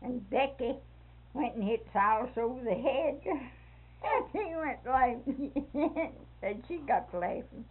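A woman's voice: high-pitched, animated, slow pace, a little hiss or hum. An older woman, telling a folksy family story in a casual way and laughing as she goes. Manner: laughs through her story, folksy dialect. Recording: tinny phone-like recording.

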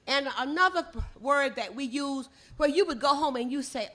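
An older woman from the Gullah coast with a Lowcountry Gullah accent, teaching her language to an audience and drawing out words for emphasis. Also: normal speed, a bit bright. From Gullah coast of the southeastern US. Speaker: language and culture presenter.

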